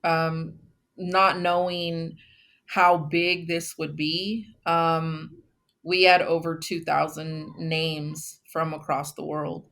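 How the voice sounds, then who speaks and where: In a casual interview full of pauses, a Texas woman who founded a memorial earnestly tells her story. Her voice sits low, with a level tone and a slightly bright quality.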